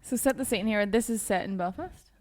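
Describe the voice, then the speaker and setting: A woman's voice: mid-range voice, a little fast, a little mellow. A woman chatting with the host on a comedy podcast, teasing him with short quips. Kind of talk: casual chat.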